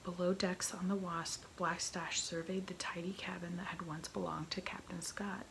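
A woman reading a children's novel aloud in a slow, soft whisper as a whispered role-play. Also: lowish voice, level tone, gravelly, a little hiss or hum, low-quality recording. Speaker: ASMR reader.

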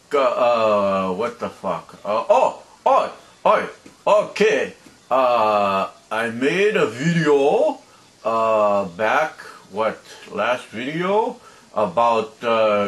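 An older man ranting on his vlog, profane and halting, with many fillers and angry outbursts. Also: mid-range voice. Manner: angry shouting bursts. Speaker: vlogger.

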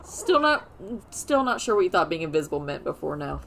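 A woman's voice: low-pitched, sing-song, fairly quick, gravelly, a bit bright, slight background noise, pitched below the performer's own voice, heavily acted. A woman reading game dialogue aloud, voicing a chatty, boastful male chameleon who is a little nervous.

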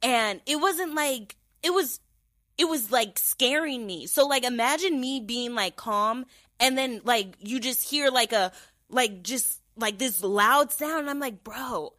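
A woman's voice: fairly high pitch, measured pace, dry recording. Chatty young woman, dry close sound. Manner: animated, filler-heavy storytelling, mimics her own inner voice. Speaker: podcast host. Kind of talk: casual storytelling chat.

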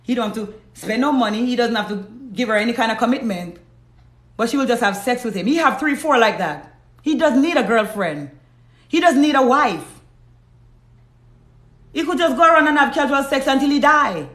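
A woman with a Jamaican accent talks bluntly into her live stream, lecturing her viewers and answering their comments. Her voice sits a little high and rings in a roomy, echoey space. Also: fairly bright tone. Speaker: host. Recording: roomy echo.

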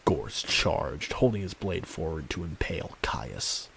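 A man narrating a fan story in a calm, steady storytelling manner. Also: low-pitched, measured pace, creaky, slight background noise. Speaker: audiobook narrator.

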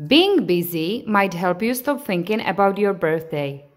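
A woman voicing a gentle, patient mother rabbit in a storybook reading, calm and soothing. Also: medium pitch, a little slow, faint music behind.

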